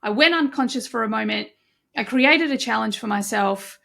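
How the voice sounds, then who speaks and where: A woman's voice: on the high side, normal speed, gravelly, a bit bright. A middle-aged woman hosting a solo podcast, talking earnestly and reflectively with frequent restarts. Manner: earnest, reflective, with many restarts and self-talk asides. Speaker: podcast host.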